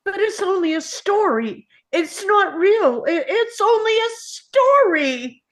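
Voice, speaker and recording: A woman's voice: very high voice, very animated, slow, heavily acted. A woman reading the part of a timid, wondering young boy in a table read, speaking hesitantly and earnestly.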